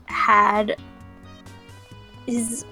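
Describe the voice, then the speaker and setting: A woman's voice: mid-range voice, extremely slow, faint music behind. A woman in casual chat about video games, telling stories with giggles. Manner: chatty, giggling, animated storytelling. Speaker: co-host.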